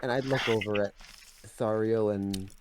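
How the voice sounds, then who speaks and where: A man's voice: on the low side, steady tone, normal speed, heavy background noise. A man playing a tabletop game, musing thoughtfully in and out of character. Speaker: player. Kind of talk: tabletop role-play.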